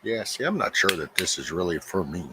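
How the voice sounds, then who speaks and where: A middle-aged man hosting a livestream, rambling casually to his viewers with frequent swearing and halting restarts. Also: low-pitched, very animated, heavy background noise. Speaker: livestream host.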